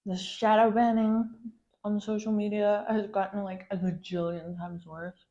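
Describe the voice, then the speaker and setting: A woman's voice: medium pitch, little pitch movement, moderate pace, dark tone, muffled recording. A woman content creator venting in a POV girlfriend role-play, swearing often and calling the listener babe. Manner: profane, ranting, calls the listener babe.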